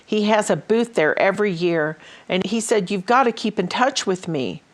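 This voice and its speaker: A woman's voice: mid-range voice, lively intonation, moderate pace. A woman hosting a ministry talk show, telling stories in a casual way with many fillers and restarts. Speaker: host.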